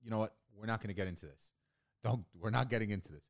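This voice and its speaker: A man's voice: fairly low pitch, fast talker. A young man co-hosting a casual podcast chat, rambling with lots of "like," restarts and swearing. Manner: rambling, profane, many restarts and fillers. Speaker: podcast co-host.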